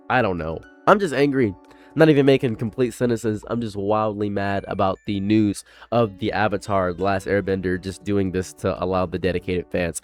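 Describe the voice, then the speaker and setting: A young man doing a ranting online commentary, loud and exasperated, jumping between shouted outbursts and low mutters. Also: fairly quick, soft background music. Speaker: commentary YouTuber.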